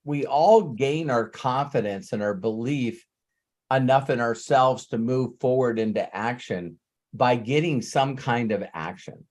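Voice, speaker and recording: A man's voice: medium pitch, unhurried, darkish tone. A man hosting a live question session as a sales coach, telling a story in a casual, stammering, emotional way with some swearing.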